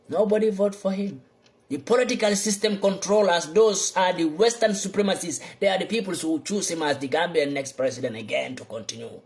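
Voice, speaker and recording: A young man giving an impassioned political monologue, fervent and repetitive, swinging between loud outbursts and low muttering. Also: lively intonation, a little fast. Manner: repeats lines for emphasis. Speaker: political vlogger.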